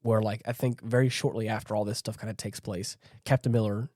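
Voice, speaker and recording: A man's voice: on the low side, steady tone, brisk, darkish tone, no echo, studio quality. A man co-hosting a podcast, retelling a horror film scene by scene in loose, rambling casual chat full of fillers. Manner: rambling, filler-heavy retelling with acted quotes. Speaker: podcast co-host. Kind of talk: casual movie recap chat.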